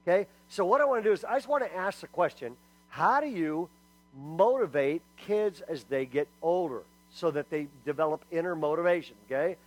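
High-voiced, emphatic man preaching to parents. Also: expressive, normal speed, darkish tone, low-quality recording. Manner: emphatic, checks in with the audience by asking "okay?" after points; humorous storyteller. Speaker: speaker at a church parenting talk. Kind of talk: lively sermon-style talk to parents.

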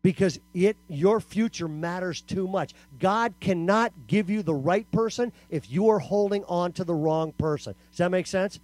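A man delivers a lively youth camp sermon in a high-pitched voice. He tells stories in a punchy way and acts out the quotes. The sound is dry and close, with no room echo. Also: normal speed, few pauses. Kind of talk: animated sermon to teenagers.

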